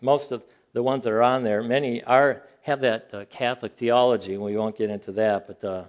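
An older man giving an informal sermon to a Bible class, telling stories animatedly, rising in pitch when incredulous and dropping low and quiet for asides. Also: steady tone, fairly quick, lo-fi sound.

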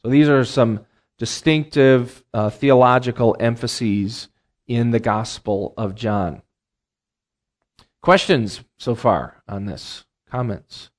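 A man's voice: mid-range voice, slow pace. A middle-aged man teaching a Bible class in a lecture, who explains terms plainly and repeats his key phrases, with many ums and uhs.

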